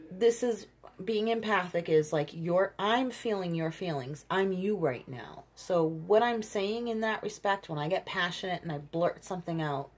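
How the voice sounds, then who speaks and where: A woman's voice: lowish voice, slightly rough. A woman giving an intuitive tarot reading to her viewers, earnest and emphatic, often stopping to search for words. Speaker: tarot reader.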